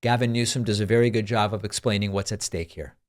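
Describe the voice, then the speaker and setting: A man's voice: on the low side, steady tone, fast. A man hosting a political commentary show, reacting to clips in a dry, sarcastic way on a studio microphone.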